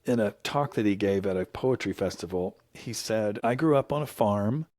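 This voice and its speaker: In clean studio sound with no room sound, a middle-aged American guest recounts stories in an earnest, reflective conversation. He speaks at a moderate pace with a fairly low, darkish voice that rises when quoting others.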